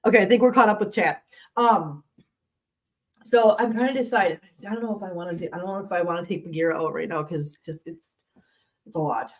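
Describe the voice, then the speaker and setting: A woman's voice: fairly low pitch, a little fast. A middle-aged woman hosting a casual cat live stream from her home studio, chatting with viewers, answering the chat and laughing often.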